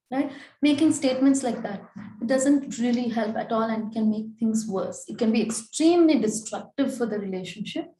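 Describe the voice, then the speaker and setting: Lady running a webinar, bit high voice, roomy echo, acts out little example lines. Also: normal speed, mellow. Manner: explanatory, acts out example phrases. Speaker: webinar presenter. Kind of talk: instructive webinar talk.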